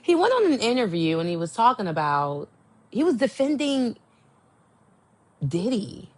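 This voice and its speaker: Young adult woman podcast host, chatty and gossipy, unhurried, very expressive pitch. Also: husky. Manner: animated, gossipy, swooping exclamations. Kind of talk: casual chat.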